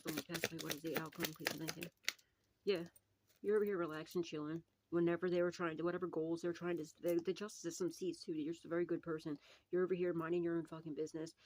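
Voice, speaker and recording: A woman's voice: deep voice, darkish tone, rough recording. A woman doing a casual psychic tarot reading, swearing freely, rambling and laughing often.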